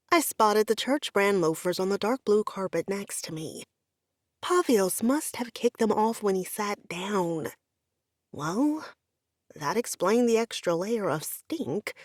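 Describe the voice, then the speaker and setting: A woman narrating a first-person romance audiobook with wry, expressive storytelling. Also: medium pitch, no echo, clean studio sound.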